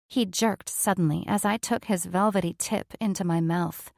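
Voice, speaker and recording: Low-voiced woman reading a romance audiobook. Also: normal speed, vocal fry, hardly any pauses, a little mellow, no echo, studio quality. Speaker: audiobook narrator. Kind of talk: first-person romance audiobook narration.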